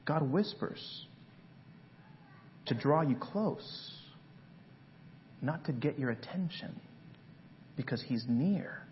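Male pastor, sermon, dramatic and hushed, slightly high voice, dull recording, faint rumble. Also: expressive, slow pace, pauses often. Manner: dramatic, swinging from loud to hushed.

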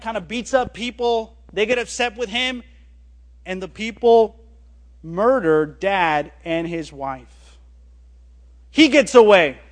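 A pastor preaches a sermon, telling a story with animated rises and quiet, low drops on key words.

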